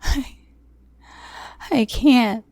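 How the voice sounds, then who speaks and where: A woman voicing a terrified young woman who sobs and pleads in high, breaking cries. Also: fairly even intonation, a little fast, dark tone, no room sound, lightly acted. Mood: sobbing, pleading. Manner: high, tearful, breaking pleas.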